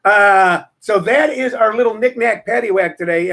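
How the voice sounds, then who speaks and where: A middle-aged man with a high voice hosts a casual show, wandering from story to opinion. He repeats himself and fills pauses with "uh". His talk is loose and chatty. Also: fairly bright tone. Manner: rambling, opinionated, lots of fillers and repeats. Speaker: host.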